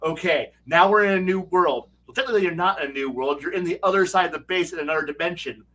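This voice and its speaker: A man telling game master stories in casual livestream chat, excitable and rambling, with frequent swearing. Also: a little high, quick pace. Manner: excitable, rambling, profane storytelling. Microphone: streaming setup mic.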